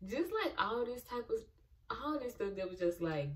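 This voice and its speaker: A woman's voice: lowish voice, measured pace, far from the mic. Exasperated young woman ranting about a show. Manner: animated, exasperated, talks back to the characters. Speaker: reaction video host. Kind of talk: casual TV reaction commentary.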